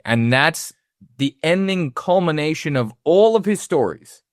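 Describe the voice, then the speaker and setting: A man's voice: a little high, unhurried, no echo, clean studio sound. A man co-hosting a film podcast, telling stories in casual talk with lots of swearing and quoted asides. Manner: profane, animated storytelling with acted-out quotes. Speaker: podcast co-host.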